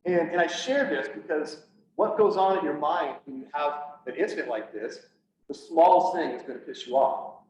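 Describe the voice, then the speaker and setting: Brief: a man recounting a hard day on duty, bluntly candid, with a slightly high voice, heard from across an echoey room. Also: moderate pace, a little mellow. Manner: candid, blunt, acts out quoted dialogue. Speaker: public speaker, police officer. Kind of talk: personal storytelling talk. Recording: echoey, distant, slightly dull, faint hiss.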